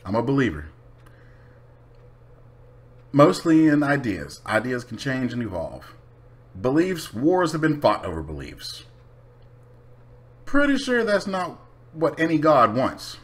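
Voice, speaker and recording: A man's voice: medium pitch, huge pitch swings, unhurried, pauses often. A man talking casually to camera, blunt, profane and unapologetic. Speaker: vlogger.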